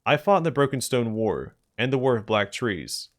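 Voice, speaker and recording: A man reading out the lines of a proud, grim old male tribal chieftain in a stern, measured way. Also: mid-range voice, sing-song, natural voice.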